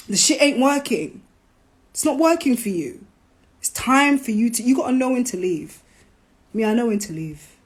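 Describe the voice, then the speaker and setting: A woman hosting a live stream, talking casually, animated and preachy, with playful jabs. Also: on the high side, normal speed, pauses often. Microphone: phone.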